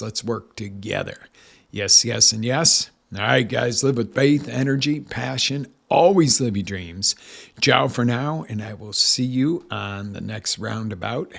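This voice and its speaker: A man's voice: medium pitch, vocal fry. A man coaching a listening audience, talking with energy and emphasis as he tells a story. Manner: energetic, emphatic, tells stories with acted quotes. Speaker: life coach. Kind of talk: motivational talk.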